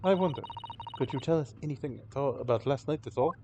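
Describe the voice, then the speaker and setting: Brief: a man reading a game on stream, lively pitch, steady noise underneath. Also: quick pace, muffled recording. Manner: animated, self-deprecating. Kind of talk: reading a game aloud, casual commentary.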